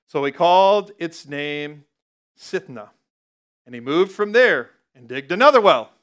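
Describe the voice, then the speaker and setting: A man preaching a lively sermon as pastor, reading scripture aloud and laughing at himself now and then. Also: a little high, a little slow. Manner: energetic, reads scripture aloud and laughs at his own stumbles.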